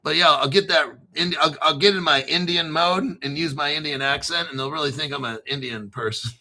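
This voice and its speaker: A man's voice: fairly high pitch, fairly quick, bright, forceful tone. A man hosting a casual crypto livestream, rambling through long lists of names and swearing freely as he chats with viewers. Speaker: crypto show host.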